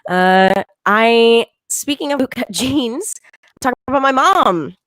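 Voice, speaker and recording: A young adult woman-voiced comedian doing a stand-up set from home in a deadpan tone, with frequent ums and little laughs. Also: fairly high pitch, unhurried, poor audio. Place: home, virtual show.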